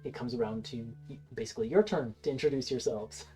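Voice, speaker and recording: A game master narrates a tabletop game in a loose, hesitant way, with frequent restarts. The tone is mellow. Faint music plays underneath. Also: medium pitch, quick pace, slightly rough.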